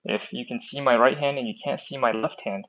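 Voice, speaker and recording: A medium-pitched, fairly bright male voice comes through dull audio as he leads a live stretching class on an earbud mic. Chatty and supportive, the instructor is somewhat out of breath and draws his countdowns out slowly.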